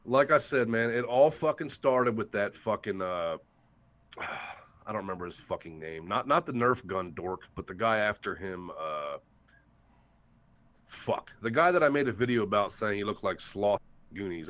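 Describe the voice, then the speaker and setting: A man's voice: on the low side, lively intonation, moderate pace, a bit bright. A man talking casually on a livestream call-in show, telling a story bluntly and with a lot of swearing. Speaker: guest YouTuber. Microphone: headset or desktop mic on call-in.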